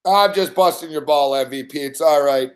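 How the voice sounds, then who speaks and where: A man hosting a late-night sports betting rant, swearing and yelling excitedly at the game while telling stories. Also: a little high, normal speed. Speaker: sports betting show host. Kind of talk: live rant while watching games.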